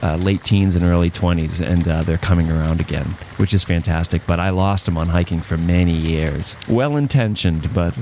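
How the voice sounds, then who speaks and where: A man in his forties co-hosts a podcast and tells stories in a relaxed, anecdotal way. His voice is very deep. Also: moderate pace, few pauses, slight background noise. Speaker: podcast co-host. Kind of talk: casual storytelling chat.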